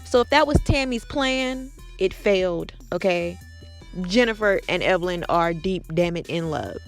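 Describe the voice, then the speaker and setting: A woman's voice: fairly low pitch, animated, moderate pace, faint music behind. A woman hosting a casual, gossipy recap of a TV episode, with sassy asides. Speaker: recap podcast host.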